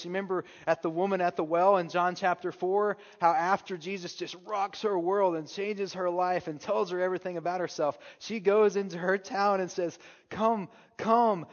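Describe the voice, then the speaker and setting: A man preaching a sermon as pastor, moving from hushed, slow passages to loud, urgent calls. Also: sits high. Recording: dull long-reverb hall sound.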